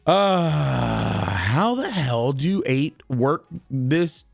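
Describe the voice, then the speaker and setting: Lively-pitched streamer greeting his chat. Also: very slow, creaky, faint music behind. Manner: upbeat, rambling, greets viewers one by one. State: losing his voice. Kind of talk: casual live-stream chat.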